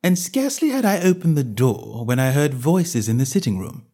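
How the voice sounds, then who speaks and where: A man's voice: medium pitch, very animated, normal speed, warm tone. Guy reading a funny old novel, voice bounces all over, playful and grand. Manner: playful, mock-grand first-person storytelling. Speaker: audiobook narrator. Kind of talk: scripted narration of a comic novel.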